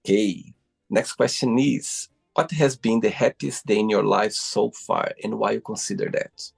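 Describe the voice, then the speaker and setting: A man's voice: on the low side, a little slow, gravelly, breathy edge. A man hosting an interview over a video call, gushing with praise and repeating "I love it" and "wow". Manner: effusive, keeps saying "I love it" and "wow". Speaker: host. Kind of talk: interview host asking questions.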